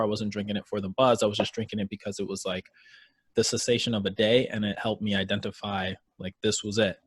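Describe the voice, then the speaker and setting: A man's voice: lowish voice, slightly rough, no room sound. Rambling man, dry close mic. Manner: rambling, heavy use of "like" and "um". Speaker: podcast co-host, trainer. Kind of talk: casual chat.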